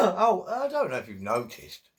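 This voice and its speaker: A middle-aged man, talking in a chatty, rambling monologue full of jokey asides. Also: medium pitch.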